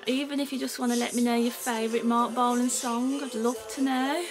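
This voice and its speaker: A woman's voice: fairly high pitch, little pitch movement, a little fast, rough recording. A woman with a Brummie accent, chatting to camera in a vlog, rambling, giggling and losing her thread. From England. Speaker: vlogger. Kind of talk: casual chat to camera. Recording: clear music playing behind her.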